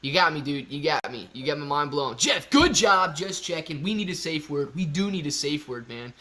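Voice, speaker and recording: A man hosting a casual livestream, reading viewer super chats aloud in a slangy, excitable way with sudden loud bursts. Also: a little high, normal speed, slight background noise. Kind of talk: casual live-stream chat.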